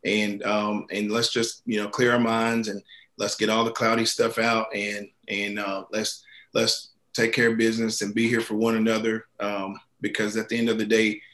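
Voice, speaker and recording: A man, a girls basketball head coach, answering interview questions in a halting, earnest way. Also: lowish voice, fairly bright tone. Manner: halting, many fillers and restarts, earnest.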